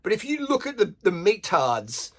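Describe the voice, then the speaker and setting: A man's voice: high voice, huge pitch swings, moderate pace, fairly bright tone. An Australian man ranting bluntly to camera, swearing freely and firing rhetorical questions at his viewers. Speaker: vlogger. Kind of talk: unscripted rant to camera.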